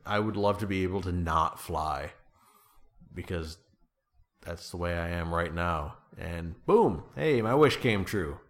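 A man answering questions in a casual chat, with dry, playful, deadpan humor. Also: low-pitched, a little slow. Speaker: guest.

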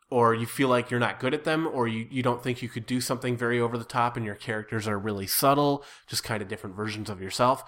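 A man talks through improv advice in a relaxed podcast chat. He is earnest and encouraging, and often restarts his sentences as he works out his point. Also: medium pitch. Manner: earnest, advising, with frequent restarts. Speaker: improv performer and workshop teacher.

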